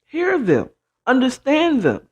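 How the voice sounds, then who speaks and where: A woman hosting a casual advice talk, animated and blunt, acting out quoted voices and sprinkling in "child" and "you know what I'm saying.". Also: high voice, slow pace, slightly rough, lo-fi sound. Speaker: host.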